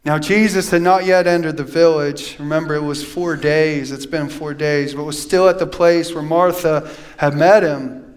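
A male pastor preaching a sermon in church, reading scripture aloud and swinging from loud preaching to hushed, quiet passages. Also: on the high side, fairly even intonation, normal speed.

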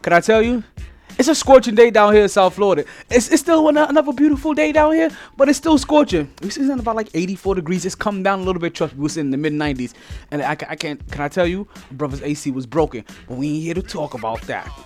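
Man, sports podcast host, energetic, excitable, repeats words, high voice. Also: quick pace, soft background music. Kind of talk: casual sports podcast talk.

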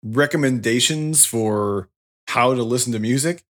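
Male panelist, mid-pitched, measured and thoughtful in tone. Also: fairly bright tone. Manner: measured, thinks aloud with small restarts. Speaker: podcast co-host. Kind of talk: casual chat, reasoned opinion.

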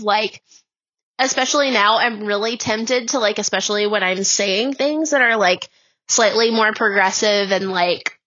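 A young woman from the Appalachian South with a light Southern accent and a high, cute voice, talking casually as an interview guest in a rambling, self-mocking way full of "like". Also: pushed and bright, lo-fi sound. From Appalachian South, USA.

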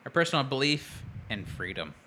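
A man's voice: mid-range voice, very animated, fairly quick, sharp tone, slight background noise. A man co-hosting a podcast in casual chat, playful and laughing often. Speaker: podcast co-host.

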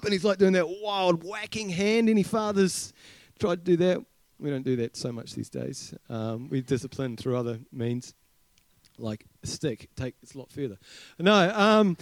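High-voiced New Zealand pastor preaching. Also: male voice, no echo. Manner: chatty, humorous, asks the congregation questions. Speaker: senior pastor. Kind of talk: sermon with personal storytelling.

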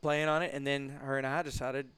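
A man telling stories casually as a guest, acting out quotes in lively bursts. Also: fairly quick, smooth, no echo. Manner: animated, acts out quotes with big jumps in pitch. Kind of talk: casual storytelling.

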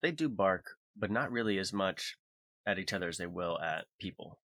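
A man co-hosting a casual conversation podcast, telling wry, joking anecdotes in a lively storytelling way. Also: low-pitched, moderate pace, no echo. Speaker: podcast co-host.

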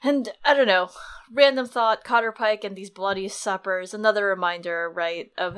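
A woman's voice: mid-range voice, normal speed, fairly bright tone, clean tone. Chatty woman rambling about a book. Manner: chatty, rambling, lots of fillers. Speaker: podcast co-host. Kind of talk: casual book discussion.

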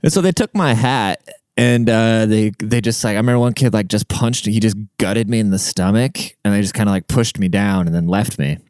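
A man's voice: on the low side, brisk, a little mellow, clear, resonant tone, no echo, studio quality. A young man who grew up in Germany, casually telling a rambling, profane childhood story and laughing often. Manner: rambling, profane, laughs through his stories.

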